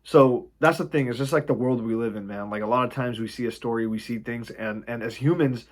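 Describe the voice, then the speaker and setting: A man casually explaining stock shorting, animated, swearing freely and acting out panicked traders. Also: mid-range voice, a little fast. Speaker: investing video host.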